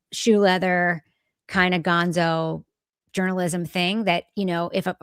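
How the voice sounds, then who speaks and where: A woman's voice: fairly low pitch, creaky, no room sound, clean studio sound. A woman co-hosting an opinion podcast, talking candidly and emphatically, often restarting her thoughts mid-sentence. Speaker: podcast co-host. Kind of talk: casual opinion talk.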